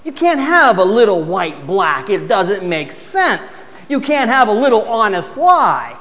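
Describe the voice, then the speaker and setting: A man's voice: sits high, very animated, unhurried, a bit bright, in a large hall. A man preaching a sermon, asking the congregation to read aloud and acting out excuses in mock voices.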